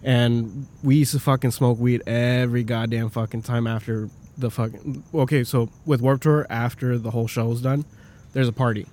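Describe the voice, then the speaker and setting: A man telling stories as a podcast guest in a casual, animated way, swearing freely as he talks. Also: medium pitch, normal speed. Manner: profane, animated storytelling. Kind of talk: casual chat.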